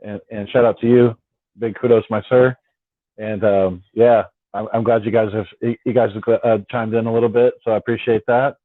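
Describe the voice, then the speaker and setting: A man's voice: lowish voice, level tone, moderate pace, no echo. A man hosting a casual late-night fan live stream, rambling and repeating his words as he talks. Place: at home on the West Coast. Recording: dry, tinny phone-like sound.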